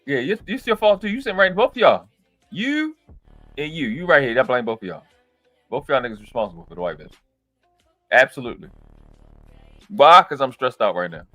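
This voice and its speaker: Man, live reaction stream host, profane venting, lively swooping pitch, dry close sound. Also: fairly quick, long pauses, no room sound, faint music behind. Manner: profane, exasperated, slang-heavy venting; animated, swings between loud outbursts and low mutters.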